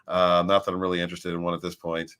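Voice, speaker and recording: A man hosting a podcast in casual chat, animated and rambling with restarts and frequent swearing. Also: deep voice, fast, clear, resonant tone. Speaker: podcast host.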